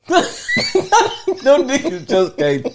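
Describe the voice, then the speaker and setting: A man's voice: sits high, wildly swooping pitch, drawn-out words, slight background noise. A man in his thirties co-hosting a podcast, talking in loose, slangy, laughing banter. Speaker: podcast co-host. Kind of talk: casual chat.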